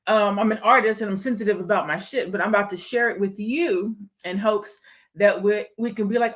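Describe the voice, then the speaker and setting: A woman's voice: medium pitch, steady tone, a little fast. A young adult woman hosting a casual live stream, talking candidly and emphatically to viewers and greeting them by name. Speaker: live stream host and event promoter.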